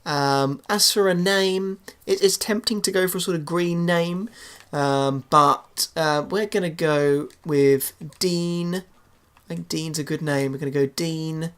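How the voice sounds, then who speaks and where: A man's voice: on the high side, unhurried, fairly bright tone, clear, resonant tone. A young man giving casual, hesitant commentary on his football game, full of fillers and restarts. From England. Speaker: gaming YouTuber.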